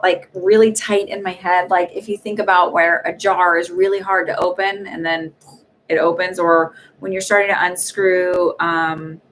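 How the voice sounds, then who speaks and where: A woman's voice: on the low side, a bit bright, a little hiss or hum. A woman hosting live psychic readings, talking in a chatty way with many fillers and restarts. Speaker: psychic medium host.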